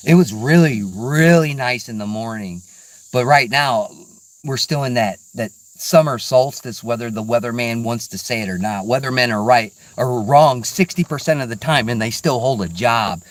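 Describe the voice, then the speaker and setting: A man's voice: medium pitch, moderate pace, no echo. A middle-aged man vlogging casually outdoors, rambling and laid-back, peppering his talk with "dude" and "man". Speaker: hunting vlogger. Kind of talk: casual outdoor vlog chat. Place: outdoors in woods.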